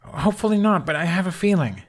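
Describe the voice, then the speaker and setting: A man's voice: sits high, expressive, fast, voice pushed up. A man voicing Hiccup, a frantic young Viking. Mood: pleading. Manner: pleading, urgent, raised voice.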